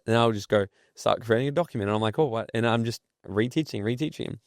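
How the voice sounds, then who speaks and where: An entrepreneur appears as a guest on a casual podcast interview, speaking fast in a mid-range male voice. He's blunt and swears freely, using stories to make his points, and the recording is dry and studio quality.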